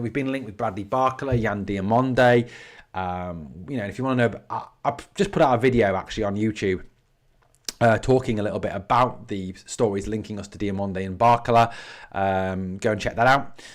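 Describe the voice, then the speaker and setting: A man's voice: lowish voice, brisk. A man from northeast England hosting a solo podcast, giving blunt opinions and answering live chat with swearing. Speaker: podcast host.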